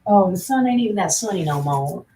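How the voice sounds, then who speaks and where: A woman's voice: medium pitch, lively intonation, fairly quick, warm tone, a little hiss or hum, low-quality recording. A woman vlogger chatting casually to the camera, rambling, joking and swearing. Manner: rambling, jokey, profane. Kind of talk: casual vlog chat to camera.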